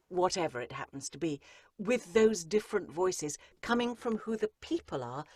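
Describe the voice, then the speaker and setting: Woman, lower voice, lively swooping delivery, dry close recording, coaching talk. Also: normal speed, husky, no room sound. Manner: animated, slips into playful character voices to make a point. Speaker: narrator and acting coach. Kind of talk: interview on a podcast.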